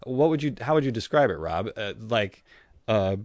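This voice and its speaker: A man co-hosts a casual podcast in a fairly low voice. He rambles and trips over his words, restarting sentences as he goes. The sound is dry and close. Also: lively intonation, normal speed, a little mellow, no echo. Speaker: podcast co-host. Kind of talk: casual chat.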